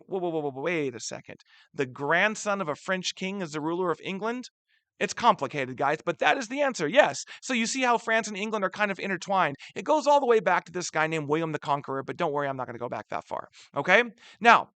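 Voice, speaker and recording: A lively male history teacher talking through a map lesson with a high, bright, very animated voice. He keeps checking in with his listeners and punches key words. The sound is dry and close. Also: no echo. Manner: chatty, asks rhetorical questions and checks in with "right?". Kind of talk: recorded lecture over a map.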